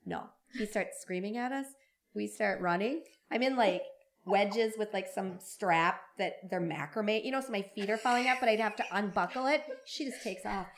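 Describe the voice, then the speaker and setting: A woman's voice: medium pitch, normal speed. An older woman, a mother and grandmother, telling family stories in casual chat and laughing often. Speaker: guest mother.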